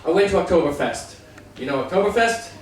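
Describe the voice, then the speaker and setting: A man's voice: high voice, lively intonation. A Dublin Irish man in his forties doing stand-up comedy, chatty and teasing as he works the audience. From Ireland. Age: 40s. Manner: teasing, chatty, quick to laugh at the crowd. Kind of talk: stand-up comedy with crowd work. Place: comedy club with a live audience. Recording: echoey room, far from the mic, crowd noise.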